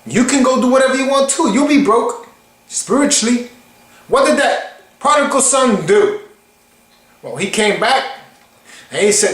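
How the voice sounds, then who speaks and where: A man delivers a casual, emphatic preaching monologue and acts out short quotes. His voice sits very high for a man. The room around him is echoey. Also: expressive, unhurried, pauses often, fairly bright tone. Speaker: online preacher.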